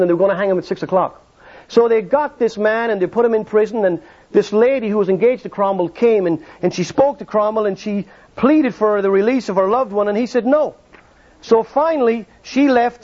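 A man's voice: sits high, a little mellow. A man preaching an evangelistic sermon, telling stories and asking the congregation rhetorical questions. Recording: dull lo-fi sermon recording.

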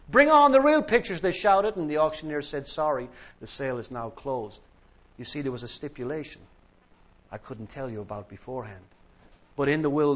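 A man's voice: medium pitch, breathy edge, dull audio. A man preaching a sermon, emphatic and fond of repeated parallel phrases, telling a story to make his point.

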